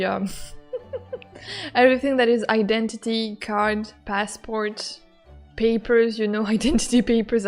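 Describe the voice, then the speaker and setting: A young woman streaming a story game, chatting casually and excitedly with frequent giggles. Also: fairly high pitch. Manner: excitable and giggly, with playful squeals.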